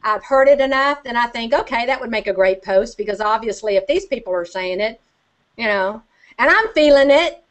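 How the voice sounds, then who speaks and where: A woman's voice: fairly high pitch, lively intonation, moderate pace, lo-fi sound. An older woman chatting as a guest on a video call, chatty and self-deprecating, laughing often. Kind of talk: casual video-call chat.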